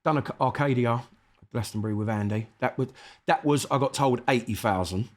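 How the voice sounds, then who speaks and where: A man's voice: medium pitch, fairly quick. South London man spinning a sweary story. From South London, England. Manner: lively anecdotes, swears freely, acts out dialogue. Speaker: MC, interview guest. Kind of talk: casual storytelling interview.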